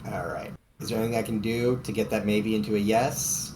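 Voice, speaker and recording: A man's voice: lowish voice, steady tone, fairly quick, a little mellow, slight background noise. A man with a Boston accent playing a tabletop game, coaxing and persuading in character over voice chat. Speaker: player. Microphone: online voice chat.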